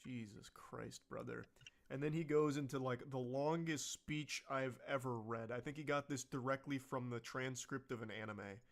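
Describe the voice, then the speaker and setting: A man's voice: mid-range voice, normal speed, creaky. A young man giving blunt, profane reaction commentary in a disgusted tone.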